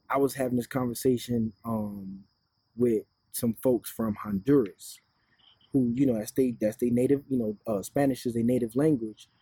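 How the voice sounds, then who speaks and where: Dark, husky man telling stories on a podcast. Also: medium pitch, no room sound. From Detroit. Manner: rambling, storytelling and explanatory. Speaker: podcast co-host. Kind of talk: casual podcast chat. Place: outdoors.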